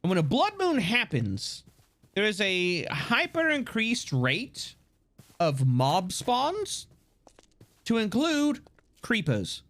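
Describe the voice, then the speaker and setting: Lively, playful male game streamer. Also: high voice, slow pace. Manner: rambling and playful, swears, laughs often. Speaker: live streamer. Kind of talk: casual live-stream chat while gaming.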